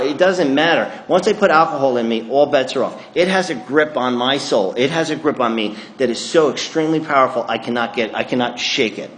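A man tells a comic, self-mocking story about his drinking and acts out his own thoughts in lively bursts. His voice sits at a middle pitch. The room is roomy, with a faint ambient hum behind him. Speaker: speaker telling his recovery story. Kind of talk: comic storytelling talk to an audience.

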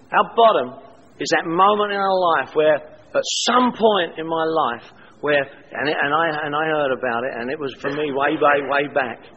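Older guy, recovery talk, wry and emphatic, bright voice, dull lo-fi sound. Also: on the high side, slightly rough. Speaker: recovery meeting speaker. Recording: echoey hall, dull lo-fi sound.

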